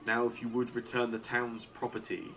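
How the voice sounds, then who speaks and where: A man's voice: medium pitch, completely flat delivery, normal speed, fairly bright tone, slight background noise, lightly acted. A man voicing a pompous older town mayor who speaks formally. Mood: stern, gracious. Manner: formal, stately.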